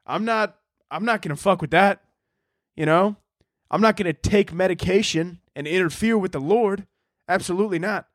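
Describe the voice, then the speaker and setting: A man hosts his podcast solo in a loose, rambling chat full of swearing and self-mockery. His voice sits a little high. The sound is close and dry, with no room echo. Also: moderate pace. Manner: rambling, profane, self-mocking. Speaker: podcast host.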